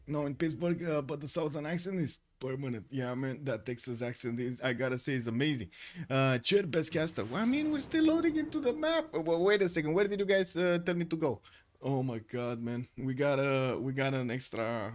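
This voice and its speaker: A man's voice: fairly high pitch, expressive, a little fast. A man casting a live strategy game stream in a loose, rambling way, chatting and reading out viewer messages. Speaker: stream caster. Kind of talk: live casual game commentary.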